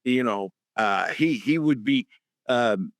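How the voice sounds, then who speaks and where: An older man, an actor guest on an interview show, telling lively anecdotes and acting out the dialogue in them. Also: mid-range voice, slow, no room sound. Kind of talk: storytelling interview.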